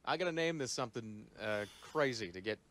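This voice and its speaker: A man speaking softly and hesitantly, thinking aloud as he picks options. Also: mid-range voice, lively intonation, fairly quick.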